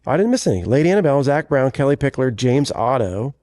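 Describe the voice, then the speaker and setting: A man's voice: mid-range voice, very animated, quick pace, darkish tone, dry recording. A man co-hosting a podcast in casual chat, rambling and correcting himself as he talks. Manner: rambling, self-correcting, chatty. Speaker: podcast co-host, country singer.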